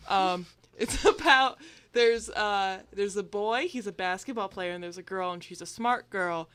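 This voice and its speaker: A woman's voice: medium pitch, unhurried, fairly bright tone, clear, resonant tone. A woman co-hosting a casual movie-review podcast, chatty and a little hesitant. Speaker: podcast co-host.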